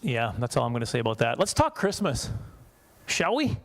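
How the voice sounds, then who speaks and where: A man's voice: mid-range voice, wildly swooping pitch, normal speed. A man in his forties from Saskatchewan doing a chatty, self-mocking stand-up comedy set, laughing at his own jokes. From Saskatchewan, Canada. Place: church hall.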